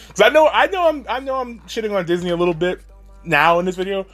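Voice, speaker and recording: A high-pitched man tears into his subject in a rambling, exasperated rant, swearing freely and laughing between points. Faint music plays underneath his talk. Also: brisk, a bit bright. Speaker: video commentator. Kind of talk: ranting commentary.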